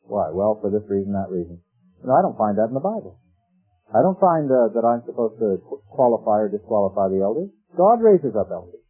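A man's voice: medium pitch, very animated, normal speed, husky. A man preaching a sermon in a conversational way, with rhetorical questions and quoted scripture. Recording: tinny phone-like old radio broadcast with faint music.

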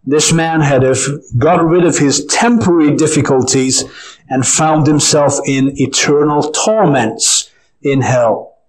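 An earnest male preacher delivers his sermon with weight, leaning on key phrases and drawing them out slowly. His voice sits a little high for a man. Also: poor audio.

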